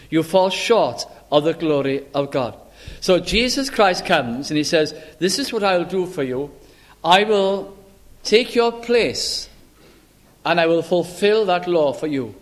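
A man preaching a sermon in an earnest, deliberate way, acting out the voices he quotes. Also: sits high.

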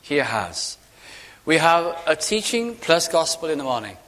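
An older Welsh preacher delivers his sermon with fervour, his fairly high voice ringing out and then falling to a hush. The sound carries a long reverb, as if from a large church hall. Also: big pitch swings, a little slow. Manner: fervent, swings between loud ringing lines and hushed asides.

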